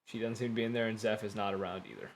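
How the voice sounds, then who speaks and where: A man narrating a tabletop game as game master, talking in a relaxed way and filling his lines with "kinda" and "um". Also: lowish voice, very fast, slight background noise.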